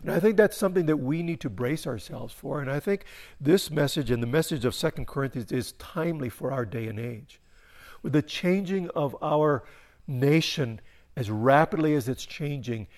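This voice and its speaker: A male pastor preaching a sermon who often repeats and restarts his phrases, swinging from emphatic peaks down to quiet, low endings.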